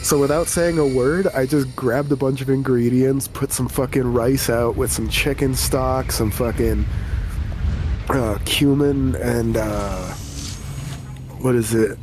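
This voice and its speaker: A man's voice: medium pitch, fairly even intonation, takes it slowly, background noise. A man in casual gaming voice chat, rambling and teasing his friends, swearing freely. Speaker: streamer in voice chat.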